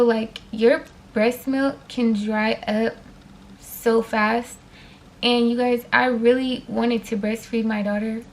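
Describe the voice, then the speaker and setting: A woman telling a personal story to her viewers in a casual storytime vlog, animated, with frequent fillers and direct asides to them. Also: fairly high pitch.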